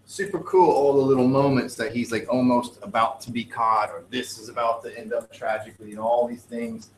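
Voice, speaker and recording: A male teacher lecturing a class, animated and joking with his students. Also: medium pitch, a little fast, a little hiss or hum. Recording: echoey classroom with faint ambience.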